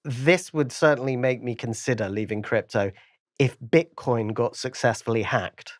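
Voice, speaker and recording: A man talks trading as a podcast guest, chatty and animated, full of quick asides and restarts. His voice sits in a middling pitch. The sound is dry and close. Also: no echo. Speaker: podcast guest, crypto trader. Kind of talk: casual interview chat.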